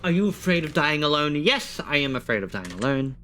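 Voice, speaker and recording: Bright-voiced streamer reading quizzes aloud. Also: male voice, a little high, sing-song, brisk, slight background noise. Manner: casual and swearing, answering his own questions out loud. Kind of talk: casual live-stream chat, reading quiz questions aloud.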